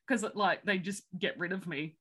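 A podcast co-host with a low-leaning, slightly bright voice and a measured pace recaps a film. She's chatty and rambling, with plenty of fillers and giggles.

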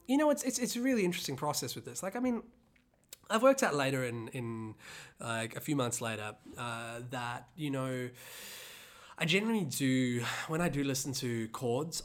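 A singer-songwriter hosting a podcast, casually telling the story behind a song, rambling with many fillers and restarts, the voice leaping up in pitch when reliving anger.

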